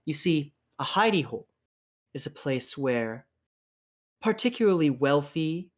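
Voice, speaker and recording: A man voicing a stiff, discreet, ghoulishly tall male clinic attendant in a tabletop role-playing game, with hesitant pauses. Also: a little high, animated. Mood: prim, guarded.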